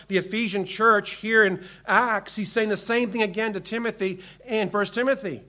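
A pastor with a high voice delivers a sermon from the pulpit. He reads scripture aloud and drives home his warnings with emphasis. His voice moves between firm, loud commands and soft, hushed asides.

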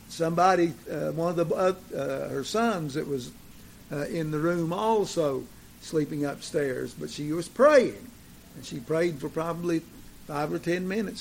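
Gravelly preacher guy, kinda high voice, goes big and loud then chatty and folksy. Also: a little hiss or hum. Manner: rises to emphatic declarations, then drops to folksy storytelling. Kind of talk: sermon.

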